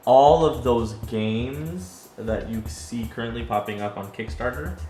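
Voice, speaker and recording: A man with a mid-pitched voice talks eagerly in casual chat, his sentences wandering as he explains. His voice echoes in the room, with faint music behind. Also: measured pace, warm tone. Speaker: co-host. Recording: roomy sound with faint music.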